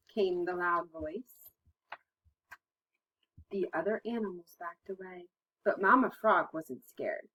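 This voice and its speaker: A woman teacher reading a children's picture book aloud, gentle and expressive. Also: lowish voice, unhurried, husky, lo-fi sound. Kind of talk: storybook read-aloud.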